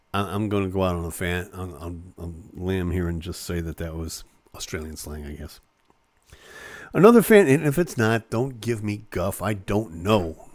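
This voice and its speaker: A man's voice: on the low side, darkish tone, no room sound, studio quality. A man hosting a live online show, casually reading celebrity news aloud with playful jokes and asides.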